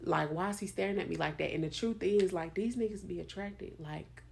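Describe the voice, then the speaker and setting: A woman hosting a podcast, talking in a blunt, profane and animated way. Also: on the low side, fairly quick, creaky. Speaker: podcast host. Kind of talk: candid casual chat.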